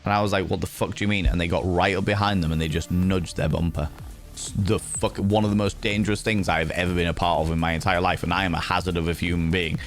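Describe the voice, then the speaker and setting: A low-voiced British man hosts a casual livestream, telling stories with animated swings and plenty of swearing. He greets his chat playfully between tales, with faint music underneath. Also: quick pace. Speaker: livestream host.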